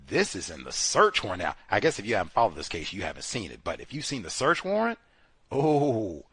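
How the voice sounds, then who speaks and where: A man's voice: on the high side, no room sound. A man hosting a casual commentary show, talking animatedly and acting out what others said with exclamations. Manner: animated, acts out quoted speech with exclamations. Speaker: podcast host.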